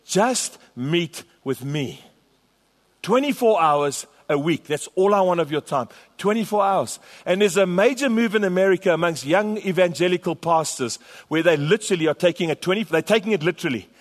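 A man's voice: high voice, a little fast. A man pastor preaching a sermon to his church, emphatic and repetitive. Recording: long hall reverb.

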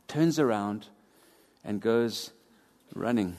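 A man preaching a sermon, swinging between loud and hushed as he drives his points home. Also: mid-range voice, a little slow, long pauses. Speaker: pastor. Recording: long hall reverb.

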